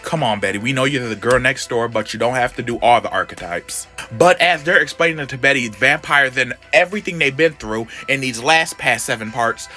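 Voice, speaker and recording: A man's voice: medium pitch, bright, forceful tone. A man casually recapping a comic story in a sassy, slangy way, calling everyone honey. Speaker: comic book recap host.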